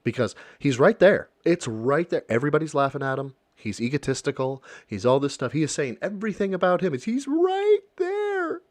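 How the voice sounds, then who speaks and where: Brief: mid-pitched male reaction streamer, sarcastic, dry close mic. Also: lively intonation, fairly quick, hardly any pauses, no room sound. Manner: sarcastic, profane, rambling asides. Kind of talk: casual reaction commentary.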